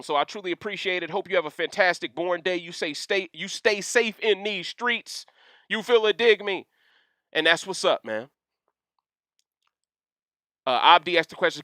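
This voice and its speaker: A young man hosting a casual livestream rant, reading chat questions aloud and talking in an animated, slangy way full of asides. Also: sits high, clear, resonant tone, no echo, clean studio sound. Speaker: livestream host.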